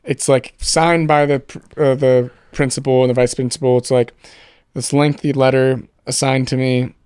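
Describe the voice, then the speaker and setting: A man's voice: medium pitch, little pitch movement, normal speed, darkish tone, smooth, dry recording, studio quality. A young man, a podcast guest, telling a long story in casual chat, full of fillers and swearing. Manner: rambling storyteller, swears freely, many fillers.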